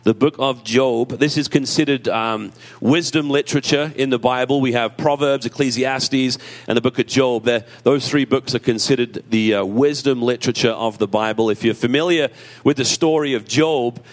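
A male pastor delivers a sermon in an easy, conversational way, close to tears and joking at his own expense. When he reads scripture his pitch climbs and he leans into the words. His voice sits in an average range for a man. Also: moderate pace. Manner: emotional, conversational preaching with self-deprecating humor; rises in pitch and emphasis when reading scripture. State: tearful.

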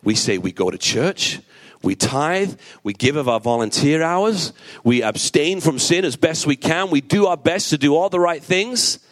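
A man's voice: on the high side, lively intonation, unhurried. A male pastor giving a sermon in a conversational, storytelling way, asking the congregation rhetorical questions and repeating his points for emphasis.

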